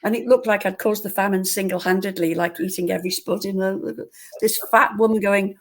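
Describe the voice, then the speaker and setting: An older woman from Liverpool with a Liverpool accent, telling stories in a casual interview with animated, self-deprecating swoops. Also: mid-range voice, brisk. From Liverpool, England. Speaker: guest actress.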